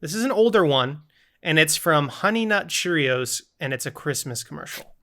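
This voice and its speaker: A man's voice: on the high side, lively intonation, moderate pace, fairly bright tone. A man co-hosting a casual podcast, playfully reading out quiz options and running the game segments.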